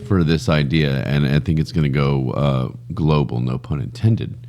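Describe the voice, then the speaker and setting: A man's voice: very deep voice, moderate pace, warm tone, dull audio. A man hosting a podcast, joking around loosely and swearing in casual chat. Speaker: podcast host. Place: Texas.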